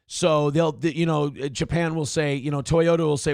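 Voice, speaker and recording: A male morning show host who reacts to the news with blunt, profane commentary. His voice sits a bit high for a man, and the sound is close and dry. He talks in an animated, offhand way. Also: normal speed, vocal fry, few pauses, dry recording. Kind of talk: casual political commentary.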